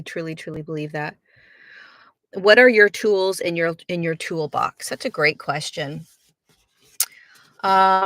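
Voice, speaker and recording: Earnest woman with a bright, dry voice. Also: deep voice, no echo. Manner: earnest, repeats words for emphasis. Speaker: spiritual teacher and podcast host. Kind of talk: reflective podcast monologue.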